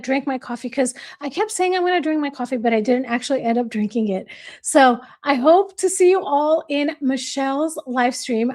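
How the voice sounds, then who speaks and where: On her own livestream, a woman with a high, bright voice chats casually, reading viewer comments aloud and greeting each person by name. She's bubbly and quick to laugh.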